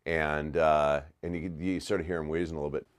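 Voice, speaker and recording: A man's voice: a bass voice, flat delivery, quick pace, clear, resonant tone. A man telling a story in an interview, conversational and loose with fillers. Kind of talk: interview recollection.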